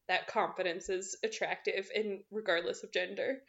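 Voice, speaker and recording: A woman's voice: mid-range voice, fairly even intonation, moderate pace, fairly bright tone, lo-fi sound. A young woman in her twenties co-hosting a podcast, chatting casually, laughing easily and sometimes stumbling over her words. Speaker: podcast co-host. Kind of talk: casual chat.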